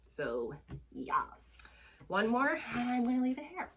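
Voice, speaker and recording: A woman's voice: high voice, fast, a little hiss or hum. A woman with a Jamaican accent, a tarot reader talking to camera in a rambling, casual monologue full of restarts.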